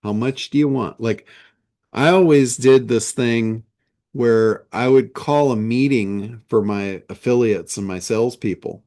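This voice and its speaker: Brief: male coach, unhurried measured delivery, emphatic rhetorical style, mid-pitched. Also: mellow. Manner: slow, emphatic, with rhetorical questions. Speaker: business coach. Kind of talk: motivational monologue.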